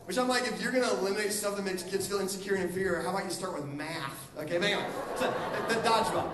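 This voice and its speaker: A man's voice: high-pitched, rapid-fire, roomy sound, recorded from a distance, crowd noise, low-quality recording. A middle-aged man preaching as a guest pastor in a casual, joking sermon style, acting out little quotes as he goes. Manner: animated, joking, acts out quotes. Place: church auditorium.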